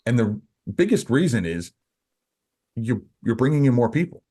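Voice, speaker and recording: A man's voice: medium pitch, sing-song, moderate pace, dark tone, breathy edge. A man co-hosting a podcast, talking casually and rambling, full of restarts and "you know". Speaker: podcast co-host.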